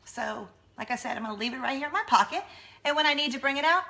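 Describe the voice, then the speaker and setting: A woman's voice: high voice, lively intonation, fast, gravelly, sharp tone. A woman, a mother, chatting casually and self-deprecatingly to her camera. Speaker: vlogger, mother of two. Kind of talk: casual vlog chat.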